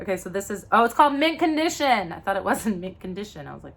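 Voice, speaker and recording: A woman vlogging a makeup unboxing in a casual, gushing, excitable way, often gasping. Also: medium pitch, fast, vocal fry, few pauses, husky. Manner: gushing, excitable, gasps and squeals. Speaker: mom vlogger.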